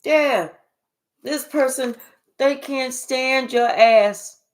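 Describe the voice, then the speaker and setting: A woman giving a casual spiritual reading in a high voice, taking her time over each phrase. She talks in an animated, profane way and often slips into acted-out voices of the people she describes. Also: very slow. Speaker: spiritual reader. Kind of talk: casual live reading monologue.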